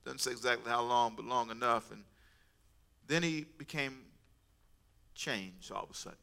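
A middle-aged man preaching a sermon as pastor, animated and humorous, with asides. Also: mid-range voice, normal speed, vocal fry, smooth.

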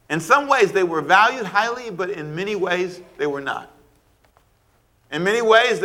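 A male pastor preaching a sermon, asking rhetorical questions, laughing between points and acting out quoted scolding. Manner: preaching with wide swings of pitch and loudness, rhetorical questions.

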